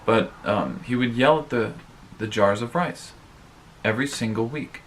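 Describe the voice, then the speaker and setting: A man's voice: mid-range voice, normal speed, fairly bright tone, a little hiss or hum. A man hosting his own advice vlog, talking casually and rambling, with lots of fillers and frequent asides to his viewers. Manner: rambling, filler-heavy, addresses viewers directly. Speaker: vlogger host.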